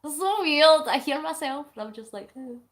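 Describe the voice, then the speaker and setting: A chatty Scottish woman vlogging to her viewers, explaining things in a playful way and breaking into giggles. Her voice sits a little higher than most women's. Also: expressive, normal speed. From Scotland. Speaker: vlogger reading viewer comments. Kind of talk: casual chat with viewers.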